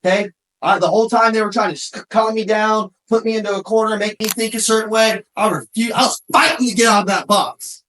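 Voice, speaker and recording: A man giving an energetic motivational talk, often shouting for emphasis and calling listeners "bro" and "man". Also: high-pitched, a little fast, rough recording. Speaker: motivational speaker.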